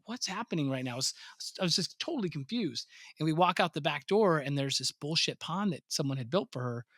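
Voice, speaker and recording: A man with a bright, slightly raised voice tells business stories in a casual podcast chat. He swears freely and acts out his own reactions with energy. The room sounds dry and close. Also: on the high side, animated, brisk, dry recording. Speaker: podcast guest, pond business owner. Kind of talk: casual interview storytelling.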